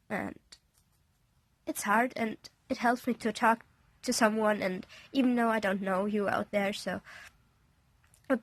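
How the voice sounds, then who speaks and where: A young woman in a confessional vlog, shaken after a panic attack, with a slightly high voice and plenty of gravelly fry. She speaks haltingly and apologetically, often sinking into a soft half-whisper. The sound is close and dry, with no room around it. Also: dry recording. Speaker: vlogger. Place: indoors, on a bed in a bedroom.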